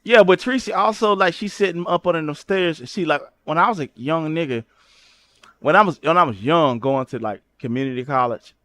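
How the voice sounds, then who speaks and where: Loud roasting man, shrieks when mocking. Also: fairly high pitch, fairly quick, no echo. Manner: repeats "you know what I'm saying" often. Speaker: livestream host. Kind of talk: profane livestream roast commentary. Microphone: streaming setup at a computer.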